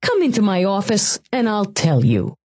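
A man's voice: high-pitched, wildly swooping pitch, moderate pace, darkish tone, heavily acted. A woman doing a snarling New York cop. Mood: scornful. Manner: gruff, snarling. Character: gruff New York cop, hot-tempered and loyal.

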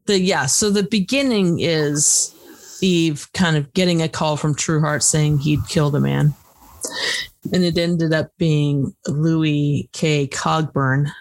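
A woman's voice: sits low, steady tone, slow pace, a little mellow, dry recording. A woman co-hosting a casual book discussion, recapping the plot with many restarts. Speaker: podcast co-host.

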